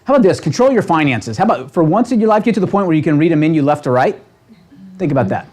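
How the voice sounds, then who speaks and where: A man leading a real estate training seminar, talking with a lively, coaching manner and checking in with the room constantly. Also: a little high, very fast. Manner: animated, asks the room constant "right?" questions. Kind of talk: motivational seminar talk. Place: seminar room with a live audience.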